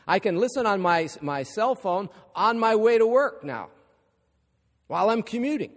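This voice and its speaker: A middle-aged man preaches with emphatic energy, pressing his congregation for agreement. His voice sits a little high for a man. It rings with long reverb through a church hall. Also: animated, normal speed. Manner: emphatic, rising to loud calls for agreement. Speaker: pastor. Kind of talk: sermon. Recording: echoey hall.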